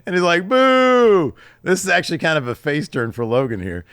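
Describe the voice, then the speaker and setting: A man's voice: fairly high pitch, very animated, quick pace, fairly bright tone, no echo, clean studio sound. A man co-hosting a podcast, casually recapping wrestling with jokes, swearing and emphatic read-outs of promos. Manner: jokey, reads out promos with emphasis, swears freely. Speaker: podcast co-host.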